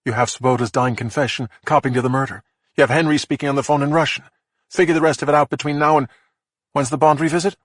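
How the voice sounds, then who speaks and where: A man voicing a sharp-tongued, exasperated female detective in an audiobook, with a husky voice. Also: medium pitch, fairly even intonation, quick pace, no echo, clean studio sound, pitched above the performer's own voice, close to an everyday voice. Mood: fuming. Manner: exasperated, blunt. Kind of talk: audiobook character voice.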